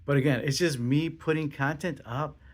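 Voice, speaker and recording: A young man hosting his own podcast, talking casually in an excitable, rambling way with lots of swearing and restarts. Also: on the high side, normal speed. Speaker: podcast host. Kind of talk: casual solo podcast monologue.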